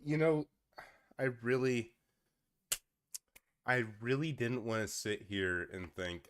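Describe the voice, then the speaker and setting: A man's voice: medium pitch, slow, pauses often, no room sound. A young man hosting a casual stream, reading posts aloud and reacting with frequent laughter.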